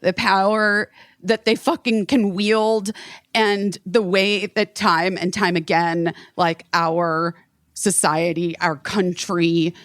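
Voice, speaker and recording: A woman's voice: fairly low pitch, flat delivery, takes it slowly, a bit bright, dry recording, clean studio sound. A woman hosting a podcast in casual chat, rambling with lots of fillers and frequent swearing. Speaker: podcast host.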